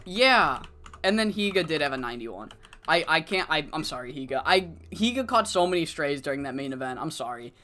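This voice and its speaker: A man streaming a wrestling management game, talking casually, thinking out loud and swearing freely. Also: on the high side, lively intonation, fairly quick. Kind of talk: casual let's-play commentary.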